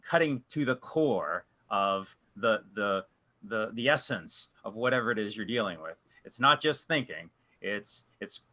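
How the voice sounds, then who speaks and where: A man's voice: fairly low pitch, bright, forceful tone. A man leading a casual online discussion group, rambling with frequent restarts and fillers.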